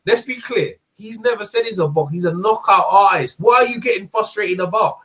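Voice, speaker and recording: Man, high voice, fast, insistent, repeats himself in a heated debate. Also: lo-fi sound, a crowd in the background. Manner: insistent, repeats lines to press a point. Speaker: debate panelist.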